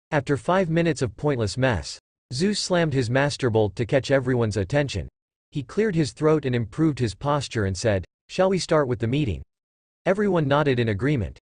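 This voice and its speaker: Man, fan-story narrator, plain reading, small stumbles, dry close sound, mid pitch. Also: a little mellow, no echo. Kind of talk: reading fan fiction aloud.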